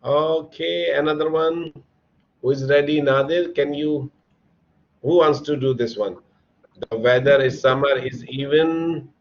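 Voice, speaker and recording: A man gives an online English grammar lesson, explaining patiently and spelling words out letter by letter. His voice is fairly high and fairly even in intonation, and he speaks unhurriedly. The computer mic on the video call produces dull, lo-fi audio.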